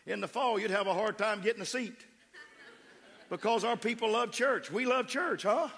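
Brief: middle-aged West Texas preacher, fervent, slightly high, gravelly, church echo. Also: male voice, moderate pace, fairly bright tone. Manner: fervent, emphatic preaching with crowd call-outs. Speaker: pastor. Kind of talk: sermon. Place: church sanctuary. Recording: echoey church hall.

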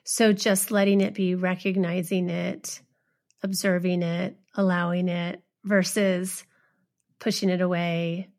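A woman hosts a podcast interview with a gravelly, fry-tinged voice. She asks her guest gentle, heartfelt questions. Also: lowish voice, little pitch movement, a little slow. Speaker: podcast host.

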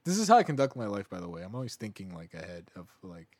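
A man co-hosting a podcast in casual chat, rambling through his point, swearing freely, and trailing off into low mutters. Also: big pitch swings, quick pace, darkish tone, no room sound. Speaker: podcast co-host.

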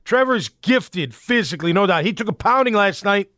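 A man's voice: sits high, animated, moderate pace, a bit bright, no echo, clean studio sound. A man hosting a sports talk show, giving fired-up, emphatic, rambling opinions.

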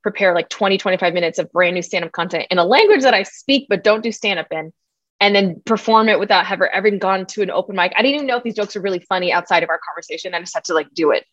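A woman comedian chatting in an interview, telling animated stories with frequent fillers and laughs. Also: medium pitch, rapid-fire, dry recording. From United States. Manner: animated storyteller, laughs often, many ums and likes. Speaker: comedian guest. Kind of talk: casual interview chat. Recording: dry, dull lo-fi sound.

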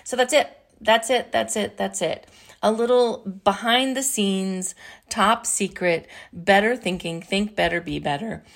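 A middle-aged woman hosting a motivational talk show, energetic and playful, repeating phrases for emphasis. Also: mid-range voice, a little slow, vocal fry. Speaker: podcast host.

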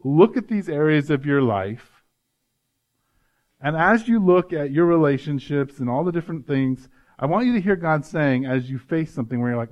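A man's voice: on the high side, lively intonation, normal speed, highs cut off. A male pastor giving an earnest, conversational sermon, often adding "right?" to his points.

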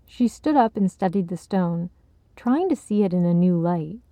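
Gravelly woman narrating a story. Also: on the low side, animated, normal speed, mellow, dry recording. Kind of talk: audiobook narration.

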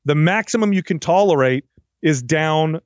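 A man's voice: on the high side, normal speed, no echo, muffled recording. A man, a fitness trainer, talking casually in an interview and acting out what his clients say. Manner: animated, acts out client quotes.

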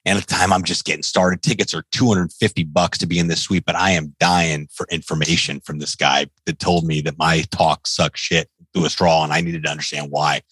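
A male podcast host with a low voice talks casually and tells stories with lots of "um" and "you know". His voice is close and dry, with no room sound. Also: brisk, hardly any pauses, breathy edge, no echo. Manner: lively storyteller, many fillers. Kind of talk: casual interview chat.

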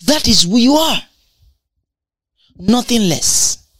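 A woman's voice: a little high, lively intonation, slow pace, no room sound. A woman preaching a sermon, emphatic and repetitive, asking rhetorical questions and laughing between points.

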